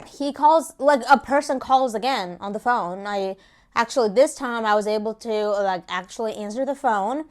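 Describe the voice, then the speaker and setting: A young woman talks straight to her viewers in a loose, chatty way, telling a story between bites of food. Her voice sits a little high, and she acts out both sides of a phone call with lively quoted lines. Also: moderate pace. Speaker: food vlogger. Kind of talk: casual storytelling while eating.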